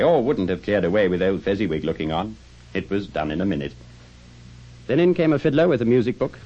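A man narrating a classic tale in an expressive, dramatic reading style. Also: lowish voice. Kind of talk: scripted storybook narration. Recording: dull lo-fi recording with faint music.

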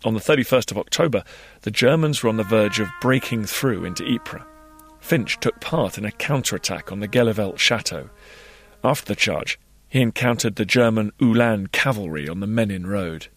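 Low-voiced documentary narrator, man. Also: moderate pace, faint music behind. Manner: formal, steady delivery. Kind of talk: scripted narration.

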